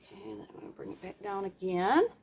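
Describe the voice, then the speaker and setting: A woman's voice: fairly low pitch, wildly swooping pitch, fast, a little mellow, a little hiss or hum. A woman casually narrating her acrylic paint pouring at home, chatty and self-deprecating, with playful sound effects and humming. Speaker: craft vlogger.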